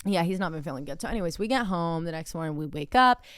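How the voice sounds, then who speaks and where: A woman's voice: lowish voice, fast, clean tone, dry recording, studio quality. A young woman co-hosting a podcast, telling a story in casual chat, swearing often and acting out what people said. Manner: animated storytelling, swears a lot, acts out quotes loudly. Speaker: podcast co-host.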